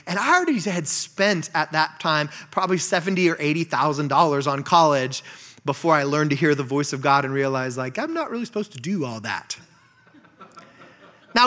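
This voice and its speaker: A young man preaching a sermon as a pastor, swinging from loud emphatic points to hushed asides and prompting the congregation to respond. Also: a little high.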